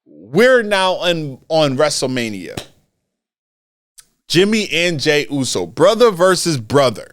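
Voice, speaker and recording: A man hosting a solo wrestling commentary podcast, talking in an animated way and repeating phrases for emphasis. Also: a little high, slow pace. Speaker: podcast host.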